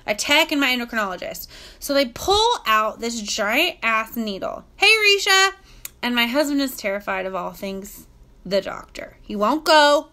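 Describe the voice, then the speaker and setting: A woman's voice: high voice, pushed and bright. A woman casually telling a personal story on a live stream, chatty and a little crude, greeting viewers by name as she goes.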